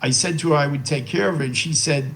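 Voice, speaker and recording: A man's voice: on the high side, quick pace, fairly bright tone, a little hiss or hum, rough recording. A man in his eighties, a guest in an interview, telling stories in a rambling, heartfelt way and often repeating himself with "you know". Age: 80s. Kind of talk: heartfelt conversational storytelling.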